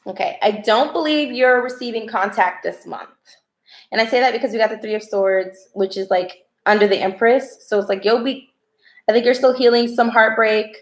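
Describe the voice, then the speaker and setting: A young American woman reading tarot cards and chatting casually with viewers on a livestream, excitable and talkative. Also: a little high, moderate pace, echoey room. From United States. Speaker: tarot reader.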